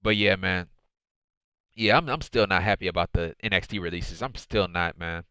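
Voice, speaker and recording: A man's voice: low-pitched, normal speed, sharp tone, clear, resonant tone, dry recording. A man hosting his own wrestling review show, recapping the episode in a casual, rambling way, repeating phrases and often saying "man" and "dude".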